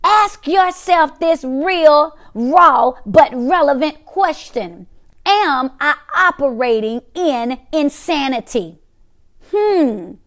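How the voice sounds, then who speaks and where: Host: middle-aged woman, high voice, emphatic motivational teacher who repeats herself. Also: lively intonation, slow pace, a bit bright. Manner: emphatic, repeats phrases, acts out reactions. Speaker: therapist hosting a weekly talk.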